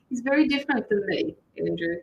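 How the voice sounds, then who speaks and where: A woman's voice: on the high side, creaky, highs cut off. An Australian woman hosting a tarot livestream, chatting casually and greeting viewers as she reads out their comments. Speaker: tarot reader and livestream host.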